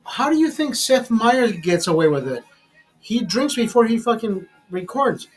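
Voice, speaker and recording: A man's voice: sits high, expressive, moderate pace, soft background music, poor audio. A man hosting his own livestream while drinking, tipsy and boastful, swearing constantly in a crude rant. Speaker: livestream host. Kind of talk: casual profane rant.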